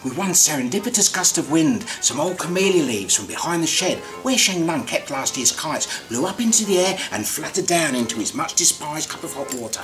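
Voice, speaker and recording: A man with an Australian accent delivering a scripted comic monologue in a wry, mock-grand deadpan manner. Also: a little high, brisk, hardly any pauses, rough recording. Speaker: comic narrator. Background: music.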